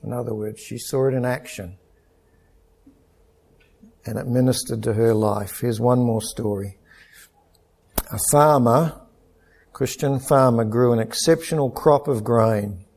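A middle-aged pastor preaching an earnest, measured sermon with stories. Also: male voice, medium pitch, darkish tone.

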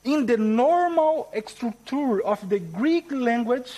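Portuguese-accented male preacher, high-pitched, deliberate and slow, stresses key words. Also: animated, warm tone, poor audio. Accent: Brazilian Portuguese. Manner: slow, emphatic teaching with rising stresses. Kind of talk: sermon.

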